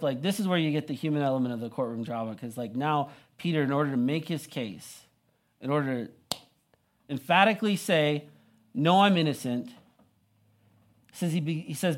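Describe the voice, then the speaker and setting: A young man preaching a sermon, retelling the story in a casual, conversational way full of "like" and "you know". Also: on the high side. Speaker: pastor.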